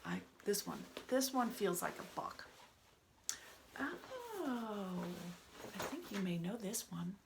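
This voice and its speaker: A woman librarian hosting a children's storytime, gentle and often half-whispered. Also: mid-range voice, moderate pace, gravelly, few pauses, background noise.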